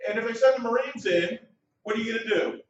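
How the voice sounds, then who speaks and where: A man's voice: extremely high pitch, quick pace. A man in his forties doing his first stand-up set. He tells stories with nervous hesitations and leads the crowd in chants. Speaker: comedian. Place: comedy club stage. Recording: echoey club heard from far off on a dull mic.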